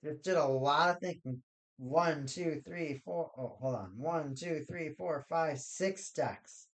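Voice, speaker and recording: A man's voice: fairly high pitch, slow pace. A man chatting casually on a live stream while building card game decks, rambling and joking with his chat.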